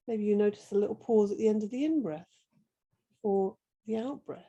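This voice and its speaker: Middle-aged woman talking you through slow yoga, mellow breathy voice, calm and unhurried. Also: mid-range voice, rough recording. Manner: gentle, slow, soothing cues with many pauses. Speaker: yoga teacher. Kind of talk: guided yoga class instruction.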